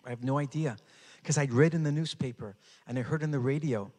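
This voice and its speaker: A man's voice: mid-range voice, fairly quick, dark tone. An older man giving a talk, telling a personal story with dramatic, rising intensity. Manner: dramatic, builds to raised intensity. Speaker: speaker. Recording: hall with long reverb.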